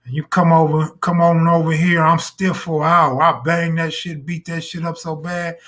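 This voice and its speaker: A man's voice: on the high side, level tone, normal speed, fairly bright tone. A man hosting a live stream in casual talk, full of crude, boastful joking banter.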